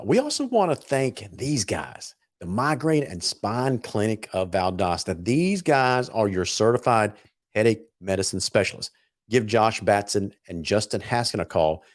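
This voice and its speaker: A man hosting a casual talk show and reading sponsor messages, excitable and wired on caffeine, tripping over his words. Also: fairly low pitch, no room sound, studio quality. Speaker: host.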